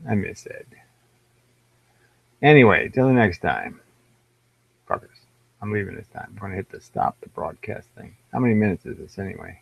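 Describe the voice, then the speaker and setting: A man's voice: on the low side, lively intonation, moderate pace, vocal fry, long pauses, breathy edge. A man with an American accent hosting a live stream alone, rambling in a wry, profane, self-mocking way. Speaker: livestream host. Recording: dull lo-fi livestream audio.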